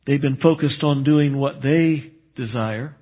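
Husky male pastor, unhurried and emphatic, lifts for stress and sinks to a hush, thin lo-fi recording. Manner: earnest, emphatic preaching, drops to a low hush for solemn points. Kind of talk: sermon. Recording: tinny phone-like sound.

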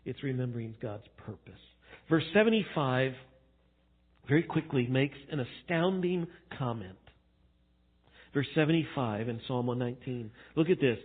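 A male pastor preaching a sermon, swinging from hushed, slow emphasis to loud, playful acting out. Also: mid-range voice, expressive, husky. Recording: tinny phone-like sound.

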